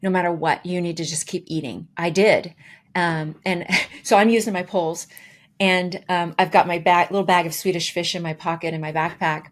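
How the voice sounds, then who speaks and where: A woman co-hosting a podcast, casually telling a story with lively, acted-out quotes. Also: on the low side, normal speed. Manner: animated, acts out quoted dialogue with voices. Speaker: podcast co-host.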